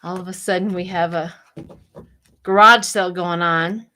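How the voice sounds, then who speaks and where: An older woman from Colorado, United States, gives a casual, chatty tarot reading for her channel, laughing often and drifting into gossipy asides. Her voice sits low and is pushed and bright, with a steady tone and moderate pace.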